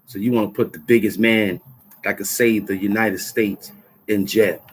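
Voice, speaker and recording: A middle-aged man rants about politics to camera on his own vlog, using heated street slang and repeating phrases for emphasis. His voice is lowish and steady with a breathy edge, at a moderate pace.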